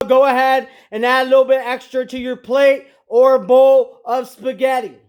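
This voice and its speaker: Man, high voice, casual cooking vlog host, chatty, talks to viewers. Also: little pitch movement, normal speed. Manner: chatty, addresses viewers directly.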